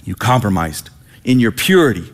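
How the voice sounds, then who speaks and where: A male pastor preaching a casual, animated sermon and acting out the people he quotes. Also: on the low side, normal speed. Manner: animated, acts out quoted voices.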